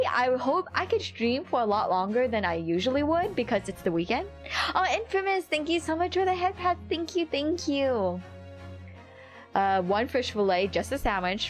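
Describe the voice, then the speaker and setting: A young woman streamer chatting casually with her viewers, bubbly and chatty, with frequent gasps and giggles. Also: fairly high pitch. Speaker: VTuber streamer.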